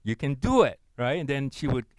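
A middle-aged man preaching a sermon in a playful, animated way, swinging between loud bursts and hushed asides. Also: medium pitch, a little fast, no echo, rough recording. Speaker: pastor.

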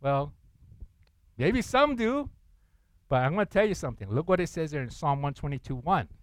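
Man, pastor, sermon, animated preaching, somewhat high voice, dry close recording. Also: normal speed, no room sound. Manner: animated preaching, acting out quoted voices and asking the congregation questions.

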